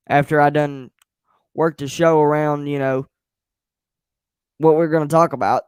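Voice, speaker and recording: A man's voice: fairly high pitch, little pitch movement, normal speed, clear, resonant tone, no echo, studio quality. A young man hosting a wrestling review show, speaking frankly and with blunt emphasis as he vents and shares opinions. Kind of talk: casual chat.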